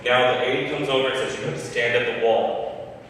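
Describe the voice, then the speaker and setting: Bright-voiced stand-up comic in an echoey hall. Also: male voice, medium pitch, steady tone, fairly quick, far from the mic, a little hiss or hum. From Michigan, US. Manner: storytelling with crowd work, swearing freely. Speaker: stand-up comedian. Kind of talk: stand-up set. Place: live comedy club.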